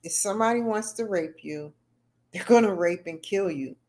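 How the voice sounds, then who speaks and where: She has a medium-pitched, darkish voice and speaks at a moderate pace. The middle-aged woman is livestreaming, chatting in a rambling way and answering viewers' comments as she goes.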